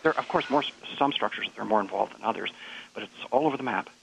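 A man being interviewed as a music researcher, explaining thoughtfully with frequent halting restarts. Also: fairly low pitch, vocal fry, a bit bright, slight background noise. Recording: dull lo-fi radio sound.

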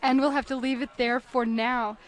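A woman's voice: sits high, little pitch movement, normal speed, slight background noise. A woman radio host interviewing a guest and wrapping up her show with announcements.

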